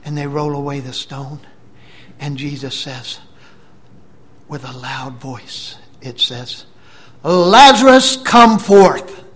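A man preaching a sermon, retelling scripture dramatically, dropping to a whisper and then booming out. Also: little pitch movement, slow pace, pauses often, sharp tone, a little hiss or hum.

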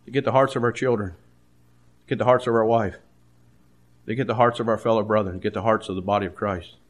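An older man preaching a sermon, dropping to a hush and then rising loud, often stammering into repeats. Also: fairly low pitch, steady tone, reverberant. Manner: swings between hushed and loud, halting repeats.

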